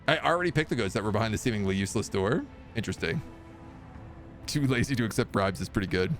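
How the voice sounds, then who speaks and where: A man's voice: on the low side, lively intonation, fast, soft background music. A man streaming a video game, giving casual, jokey commentary with playful asides.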